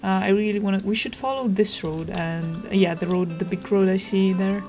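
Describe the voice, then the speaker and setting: A young woman chatting casually as she plays a video game, rambling and thinking out loud. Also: mid-range voice, normal speed. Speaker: gaming streamer. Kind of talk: casual let's play commentary. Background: game music.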